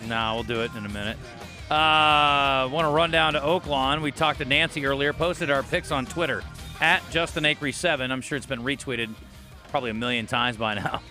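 Casting note: male sports talk host, bright ringing voice, pitchman energy on the ad reads. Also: normal speed, soft background music. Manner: upbeat pitchman on the sponsor reads. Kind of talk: casual sports radio chat with live ad reads.

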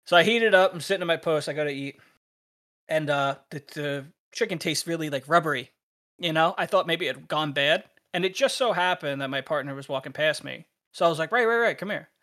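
A young man co-hosting a podcast, telling stories in a casual, animated, swearing manner and laughing as he goes. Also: fairly high pitch, brisk. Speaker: podcast co-host. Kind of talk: casual profane storytelling.

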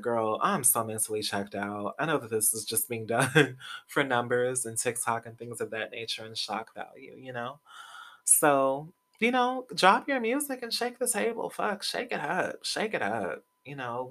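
A man's voice: medium pitch, sharp tone. A young man hosting a podcast, chatting casually and gossiping about pop culture, swearing freely and laughing often. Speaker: podcast host.

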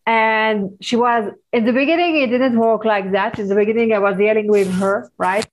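A middle-aged woman whose first language is Hebrew, speaking as a guest author in an interview, earnest and halting with frequent restarts. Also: fairly high pitch, fairly even intonation, poor audio. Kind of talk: conversational interview.

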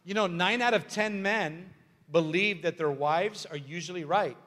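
A man's voice: high-pitched, moderate pace, a bit bright. A man preaching a sermon as pastor, emphatic and repetitive, with joking asides. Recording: long hall reverb with faint music.

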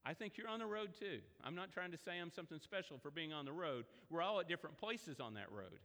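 Bright-voiced man preaching a sermon. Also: quick pace, big-room sound. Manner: conversational storytelling, animated pitch swings. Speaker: pastor.

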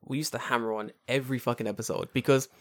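A man's voice: medium pitch, steady tone, rapid-fire. A man co-hosting a casual podcast, talking emphatically and swearing freely as he makes his point. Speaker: podcast co-host.

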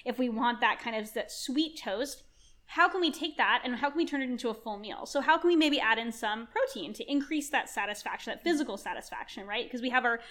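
A woman's voice: on the high side, lively intonation, fairly quick, fairly bright tone. A woman chef talking enthusiastically in a podcast interview, rambling on and asking herself questions as she goes. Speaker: chef and culinary nutrition guest.

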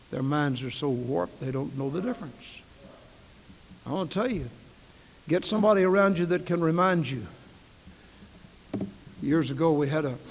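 Pastor guy preaching hard, kinda high voice, big echoey church sound. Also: creaky, a little hiss or hum. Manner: emphatic preaching, swinging from hushed to loud. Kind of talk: sermon.

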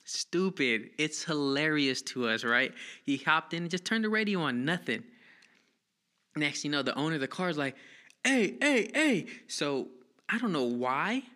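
A man casually telling a childhood story, animated and profane, acting out the people he quotes in a raised voice. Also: on the high side, normal speed.

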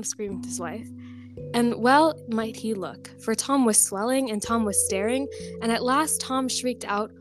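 A young woman co-hosting a podcast who reads an old folk tale aloud with lively voices for the characters, then chats casually with lots of "like" and laughter. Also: a little high, measured pace, faint music behind. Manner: animated reading with voiced characters, chatty with many likes and laughs. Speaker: podcast co-host.

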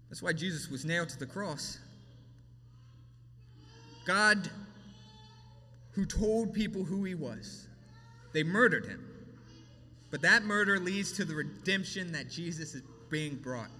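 A man preaching a sermon from a church platform, with emphatic rises and hushed drops in his delivery. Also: on the high side, lively intonation, takes it slowly, long pauses, in a large hall. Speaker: pastor.

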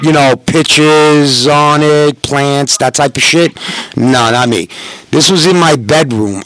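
A man's voice: fairly high pitch, a bit bright, no echo, poor audio. A middle-aged man telling stories as a podcast guest, casual, rambling and full of swearing. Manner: profane, rambling storyteller. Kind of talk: casual chat.

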